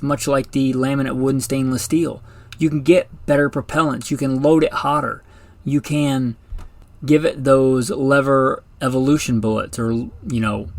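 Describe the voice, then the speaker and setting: This firearms podcast host has a mid-range voice and the recording has no echo. Speaking solo and casually about rifles, he sounds enthusiastic, rambles slightly, and corrects himself here and there.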